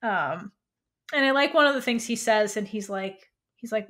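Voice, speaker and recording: A woman co-hosting a podcast, recapping a TV episode in animated storytelling with quick asides and casual swearing. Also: a little high. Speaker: podcast co-host.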